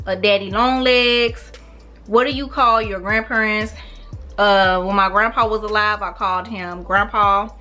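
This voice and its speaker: A woman in her thirties with a St. Louis accent, chatting casually to camera in a relaxed, slangy way. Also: mid-range voice. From St. Louis, USA. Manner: relaxed, slangy, animated with laughs. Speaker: YouTuber. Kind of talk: casual vlog, talking to camera.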